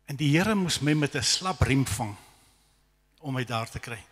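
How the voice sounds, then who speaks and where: A middle-aged man with a South African accent, telling a lively, self-deprecating testimony as a guest preacher at a church evening service. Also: medium pitch, moderate pace, slightly rough. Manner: storytelling, animated, self-deprecating humor. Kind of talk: testimony sermon. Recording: echoey church hall reverb.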